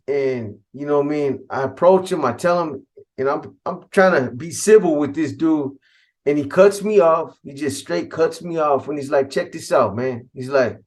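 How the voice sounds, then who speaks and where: Californian man, street slang, profane storyteller acting out the voices of others. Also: mid-range voice. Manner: street slang, heavy cursing, acts out quoted voices. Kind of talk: casual storytelling.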